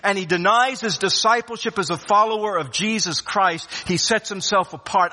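A man preaching a sermon, swinging between loud rising questions and hushed low drops, often repeating words as he restarts a phrase. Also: animated, moderate pace, few pauses. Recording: long hall reverb.

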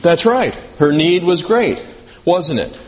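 Very animated yet taking his time, a male pastor with a high-leaning voice delivers a conversational sermon. He questions his listeners and mocks himself drily, his words echoing with long hall reverb over faint background noise.

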